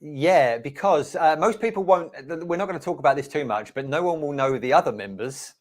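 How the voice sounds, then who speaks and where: A man chatting casually as a podcast guest, playful and quick to laugh, making puns over a remote call. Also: a little high, expressive, darkish tone. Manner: playful, punning, laughs often. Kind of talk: casual chat.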